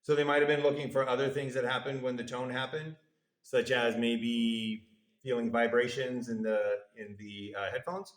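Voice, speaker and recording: The recording has a roomy echo as a university lecturer speaks to his class at a moderate pace with fairly even intonation. Playful yet explanatory, he acts out the subjects' responses in a lowered voice.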